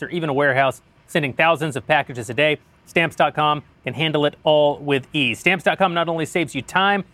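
A man's voice: on the high side, fairly bright tone, no echo. Wry joking male podcast host. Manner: wry, joking, chuckles often. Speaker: show host reading an ad. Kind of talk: casual podcast banter.

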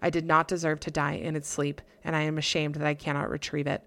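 A man's voice: fairly high pitch, level tone, quick pace, gravelly, bright, forceful tone. A woman reading the farewell letter of a grieving lonely school janitor in a formal, solemn voice. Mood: despairing.

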